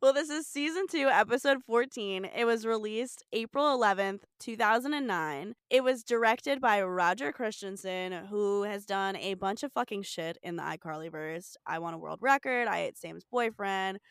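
Smooth-voiced giggly young woman. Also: medium pitch, no echo, studio quality. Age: 20s. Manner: giggly, reads episode details quickly. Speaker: podcast co-host. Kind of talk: casual chat recapping a TV episode.

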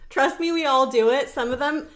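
A woman's voice: sits high, moderate pace, a bit bright. A young woman with a Californian accent, chatting casually as a podcast co-host and using lots of filler words. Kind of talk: casual chat. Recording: roomy echo.

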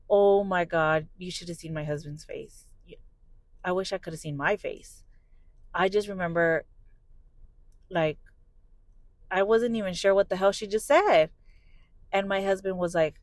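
A woman's voice: lowish voice, normal speed, long pauses, no room sound, rough recording. A young adult woman hosting a podcast, candidly telling a personal story, swearing freely and acting out what people said. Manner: candid, swears freely, acts out quoted dialogue. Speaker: podcast host.

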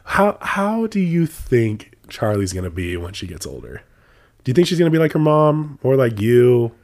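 A man's voice: mid-range voice, moderate pace. A man co-hosting a podcast, teasing and laughing in casual chat. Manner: teasing, laughs often, lively interjections. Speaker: podcast co-host.

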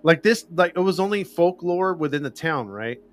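A man's voice: fairly high pitch, animated, normal speed. A man co-hosting a casual podcast, retelling a story with lots of fillers and animation. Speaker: podcast co-host. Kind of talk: casual chat.

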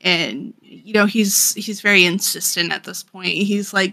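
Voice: medium pitch, fairly even intonation, a little slow, gravelly, pushed and bright, no echo. A young adult podcast co-host casually recapping a story, talking in a chatty, filler-heavy way with frequent laughs.

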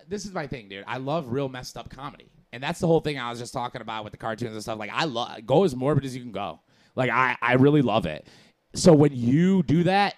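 Animated, rambling podcast guy. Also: mid-range voice. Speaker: podcast co-host. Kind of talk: casual chat.

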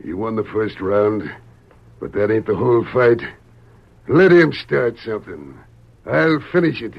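Gravelly outlaw boss, bossy and scheming, pitch jumps around, muffled old radio tape. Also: male voice, expressive, measured pace, exaggerated voice. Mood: menacing. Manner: menacing, bossy. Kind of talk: 1940s radio drama acting. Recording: dull old radio recording with faint hiss.

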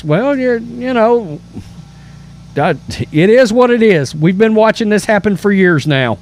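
A man's voice: sits high, lively intonation, slow, pauses often. A man hosting a political commentary show, reading news aloud and reacting with emphatic indignation and stammered restarts.

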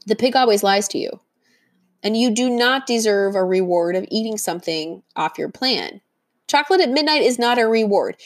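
A woman speaking as a diet coach in a motivational teaching monologue, earnest and firm, acting out the inner voices she describes. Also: mid-range voice.

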